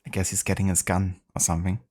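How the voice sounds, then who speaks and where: Low-voiced streamer, rambling. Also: male voice, monotone, fast, a little mellow. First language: German. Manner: rambling, full of fillers. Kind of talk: casual live-stream chat.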